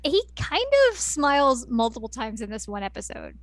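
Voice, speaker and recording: A woman's voice: a little high, sing-song, no room sound. A woman co-hosting a casual podcast, amused and joking along about an anime episode. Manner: amused, quick to laugh and joke along. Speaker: podcast co-host. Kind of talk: casual chat.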